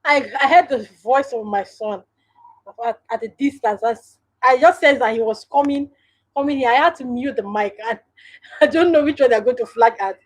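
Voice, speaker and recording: A woman's voice: fairly high pitch, normal speed, low-quality recording. A woman with a Nigerian English accent hosting a casual live stream from home, chatting directly to viewers and laughing often.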